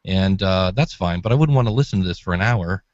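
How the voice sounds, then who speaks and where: A man's voice: deep voice, quick pace, no echo, lo-fi sound. A man co-hosting a podcast advice show, chatty and demonstrating vocal inflection. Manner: lively, demonstrates voices, chuckles. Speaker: co-host. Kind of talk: casual advice chat.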